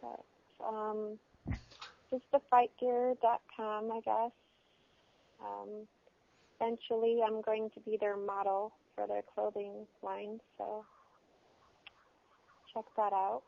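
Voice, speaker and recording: Slow, gravelly-voiced woman guest. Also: mid-range voice, flat delivery, no echo. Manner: brief replies, unhurried. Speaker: guest, model. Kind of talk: casual interview chat. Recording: dull lo-fi audio.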